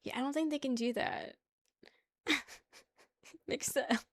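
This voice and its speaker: A young woman with a New York accent chats with her viewers in a slightly high voice. She teases and argues playfully and laughs often. The sound is dry and close. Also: slow pace, creaky, dry recording. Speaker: streamer. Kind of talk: casual chat with viewers.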